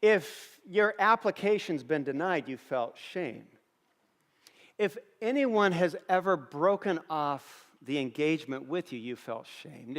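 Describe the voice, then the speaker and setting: Man, middle-aged, pastor, sermon, earnest storytelling, slightly high voice, long hall reverb. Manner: earnest, storytelling with repeated phrases. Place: church auditorium.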